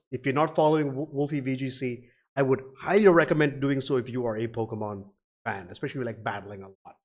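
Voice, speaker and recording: A man hosting a reaction video, talking casually with lots of fillers and the odd curse. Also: mid-range voice. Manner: rambling, swears casually, frequent fillers.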